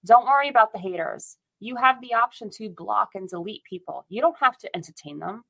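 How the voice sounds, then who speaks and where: A woman from the United States delivers a fierce, impassioned rant, hammering her points home with repetition and swearing. Her voice sits at an ordinary middle pitch for a woman, and she talks the way people do in a casual chat. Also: expressive, fairly quick, creaky, fairly bright tone, poor audio.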